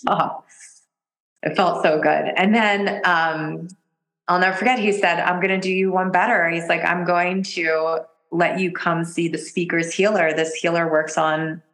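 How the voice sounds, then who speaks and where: A woman guest on a podcast, an energy healer telling a personal story in casual chat, animated and laughing often as she acts out what people said. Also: on the low side, measured pace, rough recording. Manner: animated, laughs often, jumps into quoted voices.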